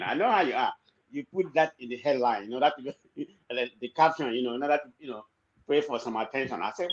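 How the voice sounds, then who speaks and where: A male guest in a live debate, easygoing and dismissive of the other side's points. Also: medium pitch. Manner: fast-talking, easygoing, brushes off arguments. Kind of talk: heated live discussion. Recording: muffled lo-fi call-in line.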